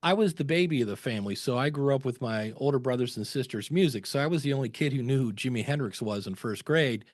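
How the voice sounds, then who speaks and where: A man guesting on a podcast, telling relaxed stories and acting out quotes from other people. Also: medium pitch, fast, hardly any pauses, dry recording, studio quality. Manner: chatty anecdotes with acted quotes. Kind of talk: conversational interview storytelling.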